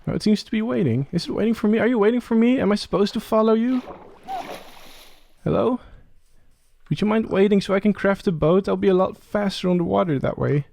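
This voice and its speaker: A man's voice: high voice, fairly quick, creaky, a little hiss or hum. A young man, chatting as he plays a game and talking to the creatures on screen. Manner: chatty, talks to game creatures, excited rising questions. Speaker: Let's Play creator. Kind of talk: casual gameplay commentary.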